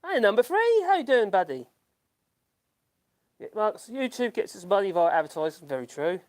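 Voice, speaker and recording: A man's voice: sits high, big pitch swings, normal speed, darkish tone. A man from the United Kingdom, hosting a casual live-stream chat and reading out viewer comments. He rambles in a self-deprecating way, chuckles often and restarts his sentences a lot. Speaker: YouTube channel host. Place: at home in rural France.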